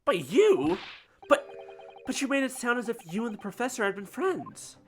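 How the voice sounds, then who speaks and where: A man's voice: medium pitch, expressive, unhurried, a bit bright. A man reading the lines of an earnest, easily startled young defense lawyer in a story game. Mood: alarmed. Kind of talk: reading game dialogue aloud.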